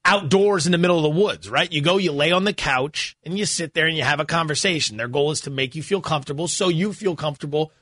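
A man hosting a sports talk show, reasoning through his points in a measured way with dry teasing. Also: a little high, bright, forceful tone, no room sound.

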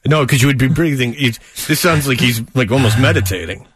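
A man's voice: medium pitch, lively intonation, brisk, over loud music. A man hosting a radio show in a studio, talking in casual, sarcastic banter and often laughing and mocking. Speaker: radio host. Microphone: studio mic.

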